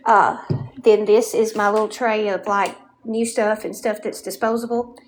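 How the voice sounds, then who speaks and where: A woman's voice: mid-range voice, fairly even intonation, normal speed, slight background noise. A woman giving a casual show-and-tell of her home furnishings, chatty and often checking in with the viewer. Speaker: home vlogger. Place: indoors at home.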